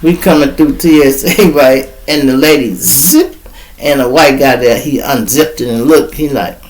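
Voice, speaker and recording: A man's voice: medium pitch, moderate pace, a little mellow, low-quality recording. A middle-aged man telling a profane story as host of his show, acting out the quoted voices. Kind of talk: storytelling monologue.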